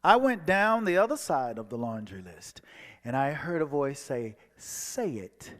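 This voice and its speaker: A man giving a personal testimony as a guest speaker, telling his story and acting out the dialogue, moving from hushed passages to soaring ones. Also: a little high, big pitch swings, normal speed. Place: church sanctuary. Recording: long hall reverb.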